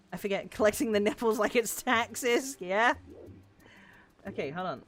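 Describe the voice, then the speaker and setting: A young woman from London chatting casually while streaming a game, swearing freely and now and then breaking into loud yelling. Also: medium pitch, moderate pace, soft background music. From London, England. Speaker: VTuber streamer. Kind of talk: casual gaming stream chat.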